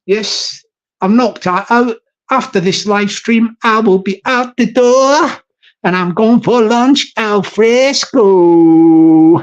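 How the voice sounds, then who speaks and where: A Scottish man live-streaming from his phone, chatting jokily in a put-on American accent and repeating his phrases. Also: high-pitched. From Scotland. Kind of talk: casual live-stream chat.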